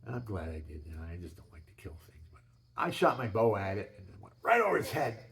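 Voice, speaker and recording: A man's voice: lowish voice, big pitch swings, quick pace. Older man rambling through folksy stories. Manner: rambling, folksy, many restarts. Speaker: home video maker. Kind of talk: casual storytelling.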